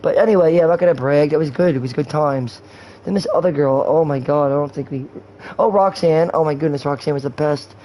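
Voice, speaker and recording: In a rough recording, a twenty-something man rambles through casual, candid chat on his gaming livestream, swearing frequently. His voice is somewhat high, brisk, and dark in tone.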